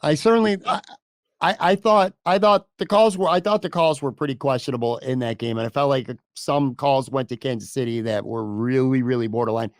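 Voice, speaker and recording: A man's voice: medium pitch, steady tone, brisk, no echo, clean studio sound. A man hosting a sports podcast, chatting casually, hedging his points and swearing offhand. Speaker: podcast host.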